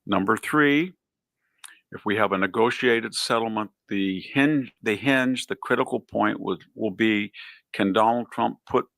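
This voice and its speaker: A man with a low, gravelly voice lays out his points one by one in a measured commentary. The recording is dry and close, with no room sound. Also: a bit bright, no echo. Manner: measured, explanatory, lists points. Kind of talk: political commentary.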